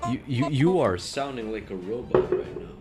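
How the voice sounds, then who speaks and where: A man's voice: medium pitch, lively intonation, moderate pace, loud music behind the voice. A man bantering dryly with friends during an online game session. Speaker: let's-player. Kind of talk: casual chat over a game.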